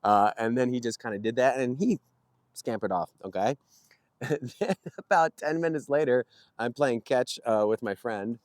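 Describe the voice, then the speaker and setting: A man's voice: medium pitch, moderate pace, no echo. Dry-voiced rambling male storyteller. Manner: rambling, chuckling, with many fillers. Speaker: vlogger. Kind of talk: casual storytelling and reflection. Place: outdoors near a street.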